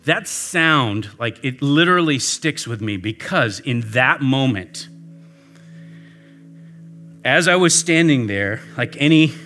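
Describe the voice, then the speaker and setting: A man preaching with a clear, bright tone and an unhurried delivery. He tells a personal story and leads a prayer in an earnest voice, with soft music under him. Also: medium pitch, lively intonation. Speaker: pastor. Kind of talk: sermon.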